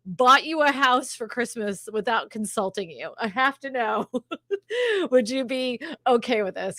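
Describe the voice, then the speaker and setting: Woman, high voice, chatty host, laughs a lot, dry close sound. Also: bright, forceful tone, no room sound. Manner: chatty storyteller, laughs often. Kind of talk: casual livestream chat.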